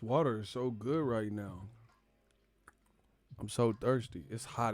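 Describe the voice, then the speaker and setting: A man's voice: lowish voice, slow, long pauses, no echo, faint music behind. A young man hosting a live stream about boxing, casual and profane, laughing often and mimicking commentators. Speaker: boxing channel host.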